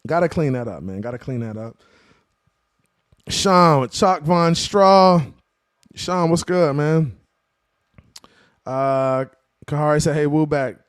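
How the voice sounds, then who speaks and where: A man hosting a casual post-game sports live stream, reading viewer chat aloud and reacting in an animated, slangy way, calling people "bro" and "man.". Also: fairly high pitch, slow, pauses often, smooth, no echo, studio quality.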